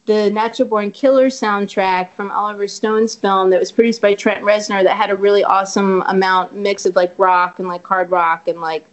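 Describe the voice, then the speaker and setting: A woman's voice: mid-range voice, fairly even intonation, moderate pace, few pauses. A woman being interviewed as a guest actress, chatting casually and rambling, swearing freely and leaning on filler words. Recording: dull lo-fi audio.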